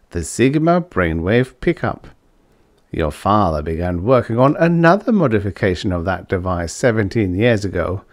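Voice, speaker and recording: A man voicing a fat, jovial, scheming crime boss with a suave, pompous, unhurried manner in a science fiction audiobook. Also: lowish voice, no room sound, clean studio sound.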